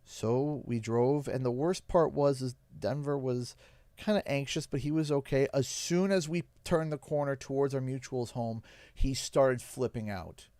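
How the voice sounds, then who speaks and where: Young canadian guy on stream, choked up and halting, dry close mic. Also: mid-range voice, warm tone, no echo. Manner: halting, emotional, pausing often. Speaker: livestream host. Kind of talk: emotional storytelling on a game stream.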